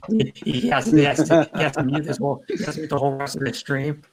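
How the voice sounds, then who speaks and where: A man's voice: on the high side, level tone, fast talker, a crowd in the background. A man chatting loosely on a live stream as a guest, rambling with lots of fillers. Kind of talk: casual chat.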